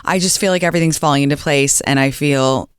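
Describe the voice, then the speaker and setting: A young adult woman hosting a radio show, telling stories in a chatty way and acting out quotes with big jumps in pitch. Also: fast talker, clean tone, no room sound, clean studio sound. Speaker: radio and podcast host. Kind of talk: chatty storytelling monologue.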